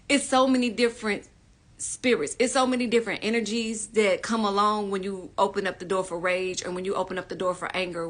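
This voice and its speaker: A woman with a bright, forward voice hosts a casual phone livestream from home. She greets viewers warmly with "y'all" and then speaks earnestly and bluntly about anger and healing, dropping in a curse word here and there. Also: mid-range voice. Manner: casual, swears freely, uses "y'all". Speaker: livestream host, spiritual teacher. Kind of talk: casual livestream chat and spiritual talk.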